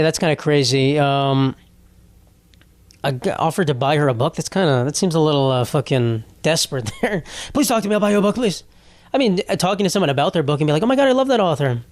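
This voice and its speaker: A young man hosts a casual solo podcast, reading posts aloud and riffing on them. He rambles, swears freely and laughs through his words, in a voice pitched a bit high. The sound is dry and close, with no room in it. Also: dry recording. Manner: rambling, profane, laughs while talking. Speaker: podcast host.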